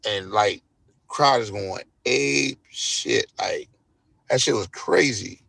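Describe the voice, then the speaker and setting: A man's voice: mid-range voice, takes it slowly, gravelly, bright, forceful tone, dry recording. A man, a DJ, telling a story casually in an interview, laid-back and profane, acting out what others said. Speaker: DJ guest.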